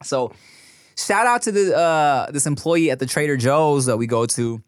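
Man, fairly high voice, dry studio sound, animated storyteller, acts out dialogue, swears. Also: moderate pace, no echo. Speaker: podcast co-host. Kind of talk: casual storytelling chat.

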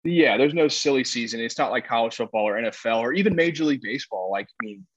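A man's voice: mid-range voice, lively intonation, quick pace, dry recording, dull audio. A man co-hosting a casual sports talk show, rambling through his points with lots of fillers and restarts. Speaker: podcast co-host, soccer analyst.

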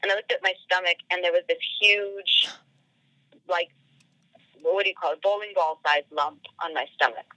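A woman's voice: lowish voice, fairly even intonation, normal speed, bright, forceful tone, no room sound, lo-fi sound. A woman guest on a podcast telling a personal story casually, full of "like" fillers and acted-out quoted dialogue.

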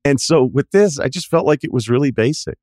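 A man hosting a podcast in casual chat, relaxed and rambling, with restarts and side remarks. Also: mid-range voice, a little fast, no echo, clean studio sound. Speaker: podcast host.

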